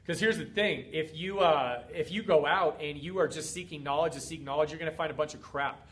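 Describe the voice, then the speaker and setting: Talking a little fast in a fairly high, slightly bright voice, a middle-aged man hosts a motivational livestream as a fitness coach for his group. He comes across as emphatic and preachy, going over the same points again and again.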